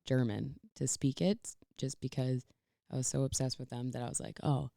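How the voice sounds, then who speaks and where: A woman's voice: a bass voice, flat delivery, moderate pace, vocal fry, warm tone, dry recording. A young woman co-hosting a podcast, telling rambling stories with lots of giggles and "like" fillers. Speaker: podcast co-host. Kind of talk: casual chat.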